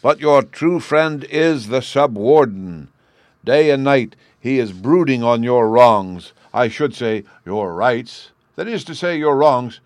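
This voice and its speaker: A man voicing a pompous, fawning court Chancellor with a thin, squeaky voice who trips over his words. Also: moderate pace, dry recording, close to an everyday voice. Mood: yelling.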